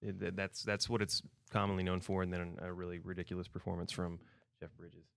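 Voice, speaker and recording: A young man hosting a podcast, chatting in a relaxed, wry way. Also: deep voice, brisk, gravelly, no echo, clean studio sound. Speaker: podcast host. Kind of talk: casual chat.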